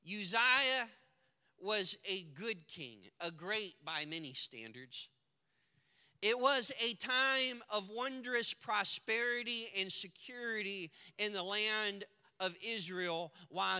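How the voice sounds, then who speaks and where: A man preaching a sermon with dramatic swings from hushed to shouting, recorded in a church sanctuary. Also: high-pitched, animated, slow pace, clean tone. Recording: long hall reverb.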